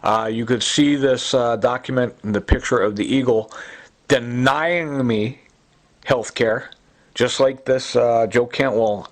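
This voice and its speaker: A man's voice: mid-range voice, measured pace. Agitated middle-aged man. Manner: agitated, repetitive, many fillers. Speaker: self-recorded complainant. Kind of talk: rambling personal testimony.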